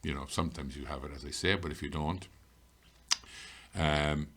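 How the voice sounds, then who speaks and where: Male teacher, extremely deep voice, patient step-by-step grammar explanations, slows down to read examples. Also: fairly bright tone, breathy edge. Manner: explains patiently, reads example sentences slowly. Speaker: Irish language teacher. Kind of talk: classroom grammar lesson.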